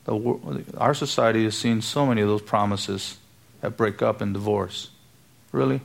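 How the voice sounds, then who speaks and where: Male pastor, gravelly voice, emphatic sermon, rhetorical questions. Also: lowish voice, fairly even intonation, moderate pace.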